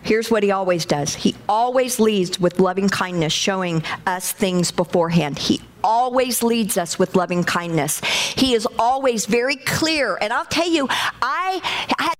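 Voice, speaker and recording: A middle-aged woman preaching a lively sermon to a congregation, calling out and bursting into shouts. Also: medium pitch, unhurried. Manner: animated, shouts in acted bursts, talks to congregation.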